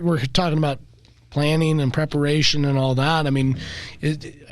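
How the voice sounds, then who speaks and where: A man co-hosting a podcast, asking a guest a question in a halting way and repeating words as he starts. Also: fairly high pitch, no echo. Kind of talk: casual podcast conversation.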